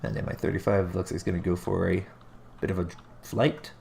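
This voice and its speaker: Working at a desk mic, a game caster with a deep, gravelly voice gives brisk, relaxed play-by-play of a strategy game replay. Allergies make him sound stuffed-up and nasal, and he thinks out loud and fixes his words mid-sentence while a faint hiss runs underneath.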